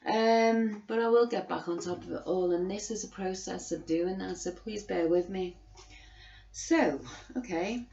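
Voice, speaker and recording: A woman's voice: mid-range voice, gravelly, darkish tone, a little hiss or hum. A middle-aged woman ranting angrily to camera, outraged and swearing, hammering the same phrases again and again. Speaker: vlogger. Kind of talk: angry ranting monologue. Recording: roomy, dull lo-fi recording.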